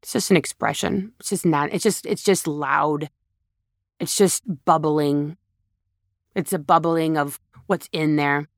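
A woman's voice: low voice, steady tone, a little slow, creaky, dry recording, clean studio sound. A woman with children talking frankly about emotions in a casual motivational monologue, blunt and emphatic, often repeating herself and restarting phrases. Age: adult, has children. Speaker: speaker on emotions.

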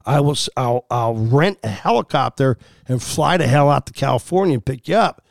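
A man's voice: medium pitch, animated, moderate pace, gravelly, dry recording, clean studio sound. A man hosting a sports podcast, arguing his opinions in a heated, emphatic way.

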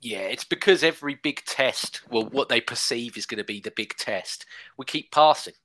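Bright-voiced man in his thirties. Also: medium pitch, moderate pace. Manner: lively, explanatory, laughs while talking. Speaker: football podcast panelist. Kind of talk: casual chat.

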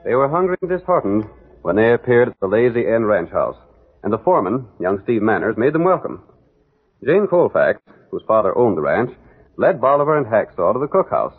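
Radio announcer, man, dramatic, husky, tinny sound. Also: medium pitch, big pitch swings, brisk. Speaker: announcer and narrator. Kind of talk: 1940s radio drama narration. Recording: tinny old radio broadcast.

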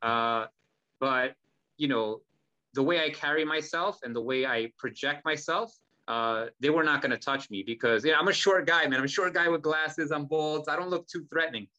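A man in casual podcast conversation, talking in an animated, profane way and acting out heated exchanges. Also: fairly high pitch, moderate pace, lo-fi sound. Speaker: podcast guest, holistic healer.

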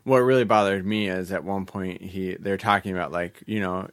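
A man's voice: low voice, fairly even intonation, normal speed, few pauses, no room sound, studio quality. A man co-hosting a podcast in a casual chat, earnest and laid-back. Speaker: podcast co-host.

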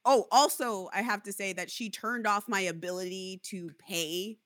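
A woman's voice: medium pitch, normal speed, no room sound, studio quality. A woman in casual chat, angrily telling a story about a landlord dispute and acting out both sides. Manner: indignant, animated storytelling with mock quotes. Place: Seattle area.

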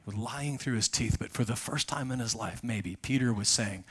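At a church service, a man delivers a sermon as pastor, shifting from loud to soft as he tells stories with emphasis. He speaks at a moderate pace in a mid-range voice with a breathy edge.

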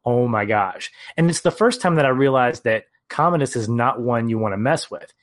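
A man's voice: medium pitch, lively intonation, a little fast. Earnest man recapping a film scene. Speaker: podcast co-host. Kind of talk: casual film discussion.

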